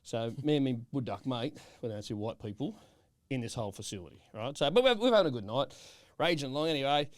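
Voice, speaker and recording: A man co-hosting a podcast, telling a rambling travel story in animated, casual chat and checking in with "right?". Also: medium pitch, fast talker, dry recording, clean studio sound. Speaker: podcast co-host.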